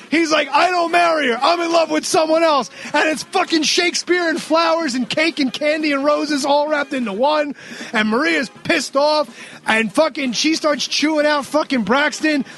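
Excitable, high-voiced man cursing through a recap. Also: normal speed. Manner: profane, excitable, acts out quotes loudly. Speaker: podcast co-host recapping wrestling. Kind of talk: casual chat.

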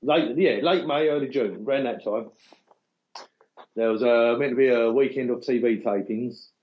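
A man's voice: mid-range voice, normal speed. A man with an English accent co-hosting a casual podcast in a laid-back, sardonic way. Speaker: podcast co-host. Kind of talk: casual chat. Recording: dull lo-fi audio.

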